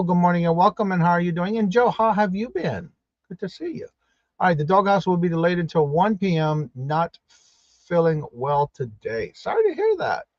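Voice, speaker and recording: A man hosting a live stream, warmly greeting each viewer by name in an upbeat, repetitive way. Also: sits high, no room sound, lo-fi sound. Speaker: livestream host.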